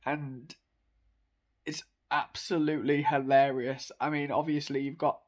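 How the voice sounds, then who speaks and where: A man's voice: mid-range voice, level tone, measured pace, darkish tone. A young man talking casually and with enthusiasm, rambling with lots of fillers and little laughs. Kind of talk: casual monologue.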